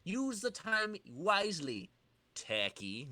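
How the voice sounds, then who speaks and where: A man's voice: high-pitched, huge pitch swings, slow, sharp tone, exaggerated voice. A man voicing a cocky young male street villain who taunts in jive slang, in a comedic dramatic reading of a comic. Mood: gloating.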